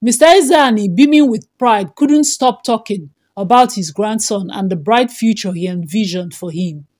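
A woman narrating a folktale in an expressive, dramatic storytelling style. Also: medium pitch, moderate pace.

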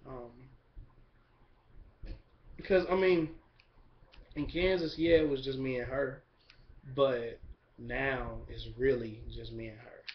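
A young man giving a relaxed, rambling video update, full of fillers and shout-outs. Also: medium pitch, slow, pauses often, slight background noise. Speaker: vlogger. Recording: dull lo-fi camera recording.

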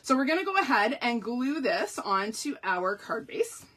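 A woman's voice: a little high, big pitch swings, moderate pace, a bit bright. A woman hosting a live card-making tutorial, chatty and upbeat, with self-deprecating asides as she demonstrates. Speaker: crafting tutorial host.

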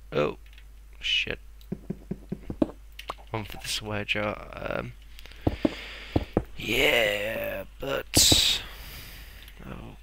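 A man's voice: on the low side, vocal fry, noisy background. A young man rambling and mocking himself as he plays a block-building game. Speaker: gameplay commentator. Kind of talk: casual Let's Play commentary.

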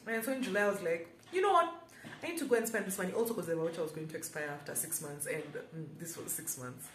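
A woman's voice: low-pitched, a little hiss or hum. Chatty woman, echoey room. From Kenya. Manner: chatty, self-mocking, playful asides. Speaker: booktuber. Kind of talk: casual book haul vlog. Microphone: camera held by someone else.

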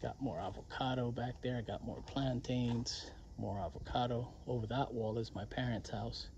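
A man casually narrating a walking tour of his garden and property outdoors, chatty and relaxed, saying y'all. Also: medium pitch, moderate pace, dull audio, a little hiss or hum. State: winded near the end. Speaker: vlogger giving a garden tour.

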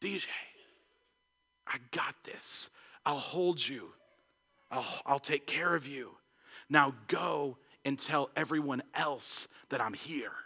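Jesus speaks low and soft in a bright, tender voice as a preacher quotes him, drifting back in a long hall reverb. Each word is hushed and reassuring. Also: male voice, animated, slow pace, creaky, heavily acted. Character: gentle reassuring male Jesus.

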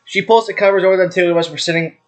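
A man's voice: high-pitched, fairly even intonation. A young man reading a visual novel aloud, stumbling over names and swearing at his own slips. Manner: reads fast, stumbles on names, swears and laughs at himself. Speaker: gaming YouTuber. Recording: game music behind the voice. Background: background music.

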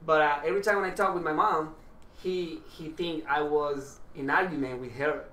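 A man's voice: on the high side, steady tone, normal speed, pushed and bright. A man talking as a guest in a casual podcast chat, chatty, with non-native English phrasing. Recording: roomy, distant mic with faint noise.

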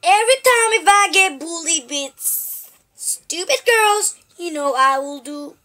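Brief: goofy girl skit-maker, very high and bright, slow and drawn out. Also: expressive. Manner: giggly, goofy, mock shouting. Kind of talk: playful comedy skits.

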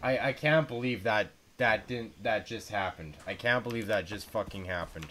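A man's voice: fairly low pitch, moderate pace, fairly bright tone, slight background noise. A man giving casual gameplay commentary, ranting and cursing as he plays, repeating himself in disbelief. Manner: profane, exasperated ranting with lots of repetition. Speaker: let's play gamer. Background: game music.

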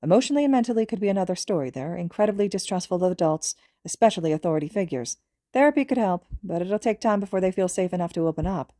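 A woman reading a calm, elderly school nurse. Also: on the low side, fast, no echo, clean studio sound, lightly acted. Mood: clinical. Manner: calm, clinical.

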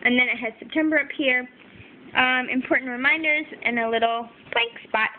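A woman's voice: high-pitched, normal speed. A young woman chatting casually through a home craft video, apologetic and full of fillers. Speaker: craft vlogger. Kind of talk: casual show-and-tell narration. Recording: tinny phone-like audio with faint background noise. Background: crying baby.

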